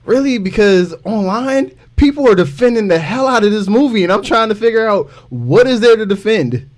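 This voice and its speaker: Animated ranting man on a podcast. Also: high-pitched, normal speed. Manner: animated, ranting, heavy use of "like". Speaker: podcast co-host. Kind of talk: casual podcast chat.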